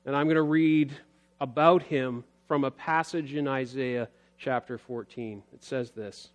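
In steady, even tones and at a measured pace, a male pastor delivers an earnest sermon. His emphasis climbs before sinking to a low register, and he reads passages of scripture aloud.

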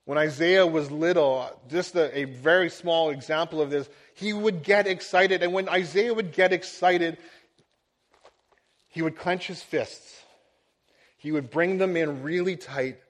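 Pastor, male, middle-aged, high-pitched, earnest sermon delivery. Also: unhurried.

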